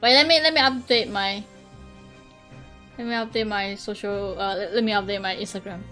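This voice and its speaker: A young woman streamer chatting casually over a game, excitable and gushing, swearing freely. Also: mid-range voice, normal speed. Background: faint game music.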